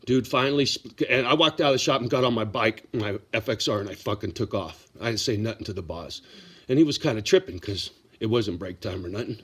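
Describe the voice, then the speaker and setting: Brief: middle-aged male vlogger, husky low voice, cussing through a heated personal story. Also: a little fast, a bit bright. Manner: blunt, profane, gets worked up. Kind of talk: casual storytelling monologue.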